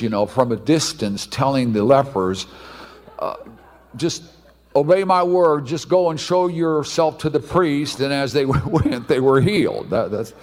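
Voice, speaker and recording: A man preaching a sermon, telling a story with animated delivery and sudden shouted outbursts. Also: mid-range voice. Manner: animated, acts out voices, bursts into shouts.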